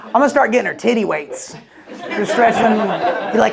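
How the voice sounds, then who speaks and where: A male stand-up comedian with a high, creaky voice performs a crude, rambling set at a comedy club, speaking at normal speed and sounding animated. He tells stories and acts out quoted voices, and the live club audio picks up the crowd's laughter.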